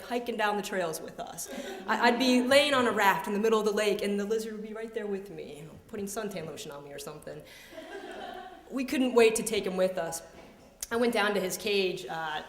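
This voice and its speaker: Playful woman storyteller in an echoey hall. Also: medium pitch. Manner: playful, self-amused, acts out voices. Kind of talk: personal story told live on stage. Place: live storytelling venue.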